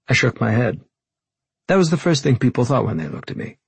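Audiobook narrator, male, low-voiced, husky, intimate first-person reading. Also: big pitch swings, fairly quick, no echo.

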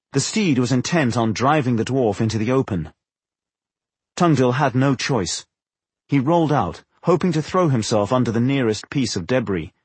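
A man narrating a fantasy novel as an audiobook, telling it in an expressive way. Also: mid-range voice, slightly rough, no echo. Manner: expressive storytelling.

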